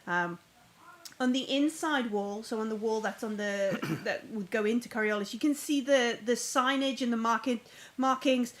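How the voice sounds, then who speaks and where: A woman's voice: a little high, normal speed, fairly bright tone. A woman narrating as game master of a tabletop game from home, describing scenes in a chatty, rambling way. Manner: descriptive, chatty, full of fillers.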